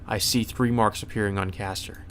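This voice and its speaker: Low-voiced man reading a visual novel. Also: steady tone, normal speed, a bit bright, a little hiss or hum. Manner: plain narration with sudden swearing asides. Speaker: let's play host.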